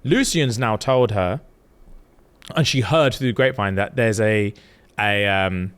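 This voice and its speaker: A man's voice: on the low side, unhurried, fairly bright tone, clean tone. A man, casually retelling a novel's plot on a podcast, acting out the characters' lines in slang. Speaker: podcast co-host.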